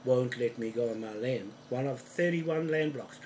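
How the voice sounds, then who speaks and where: A man rants straight at the camera from his home, accusing and swearing, his voice surging louder as he gets worked up. His pitch sits mid-range, and a faint ambient hum runs under the recording. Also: normal speed, rough recording. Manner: accusing, profane, calls people out by name; forceful, ramps up in volume when heated. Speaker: video ranter. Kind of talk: angry monologue to camera. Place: room at home.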